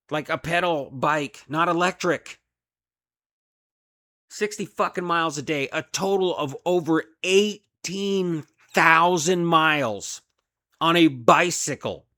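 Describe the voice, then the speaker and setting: A man's voice: a little high, bright, forceful tone, dry recording, clean studio sound. A man, a delivery driver, venting in an angry, profane solo rant about his job. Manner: profane, heated, frustrated.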